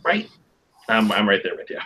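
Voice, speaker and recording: A man's voice: on the low side, sing-song, moderate pace, bright, forceful tone. A man who is a guest on a podcast, chatting casually with a wry, dry humor. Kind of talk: casual chat.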